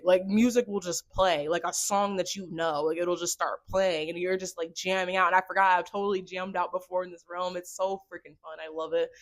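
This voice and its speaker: A young woman vlogger telling a story to camera in an excitable, rambling way, full of fillers. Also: mid-range voice.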